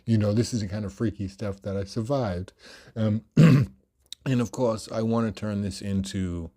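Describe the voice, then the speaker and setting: An Australian man tells stories in a solo podcast, his voice fairly low and warm. He projects and speaks carefully and clearly, but keeps wandering off with fillers. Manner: projected, animated, deliberately clear speech; rambling with frequent fillers. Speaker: podcast host. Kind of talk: storytelling monologue.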